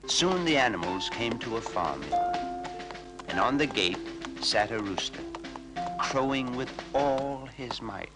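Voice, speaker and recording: Animated man reading a children's storybook. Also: mid-range voice, takes it slowly, over loud music, low-quality recording. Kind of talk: storybook narration on a children's record.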